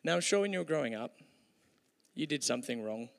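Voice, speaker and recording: A man's voice: medium pitch, lively intonation, fairly quick, creaky. A man giving a conversational, humorous sermon with storytelling, with hesitations, in a hall with long reverb. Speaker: preacher.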